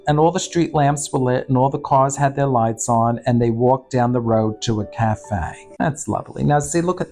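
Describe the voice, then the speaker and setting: A man's voice: mid-range voice, a little mellow. A middle-aged man in drag, reading a children's picture book aloud with campy, sardonic, bawdy asides. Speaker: storytime host and drag performer.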